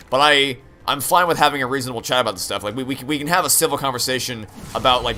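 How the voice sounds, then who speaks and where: Young man, game streamer, sharp bright tone, profane rambling rant, faint game music behind. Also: medium pitch. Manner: candid, rambling, profane ranting with restarts. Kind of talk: live-stream chat while gaming.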